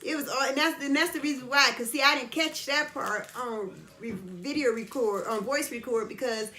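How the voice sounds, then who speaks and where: A middle-aged woman telling a story in an animated, casual way while getting her hair done, often checking whether the listener understands. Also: sits high, moderate pace, reverberant. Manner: animated retelling, keeps asking "you understand?". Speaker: vlogger. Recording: busy background chatter.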